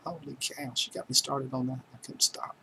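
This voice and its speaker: A man's voice: mid-range voice, little pitch movement, brisk, creaky, bright, forceful tone, a little hiss or hum, rough recording. Joking man chatting on a stream. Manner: chatty, joking, reads viewer names aloud. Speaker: livestream host. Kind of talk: casual chat with live viewers.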